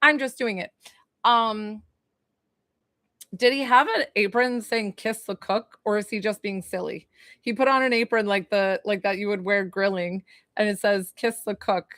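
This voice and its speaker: A woman's voice: mid-range voice, moderate pace, a bit bright, no room sound, clean studio sound. A young adult woman working as a psychic medium in a live-streamed reading, talking in a chatty, hesitant way with many fillers and questions.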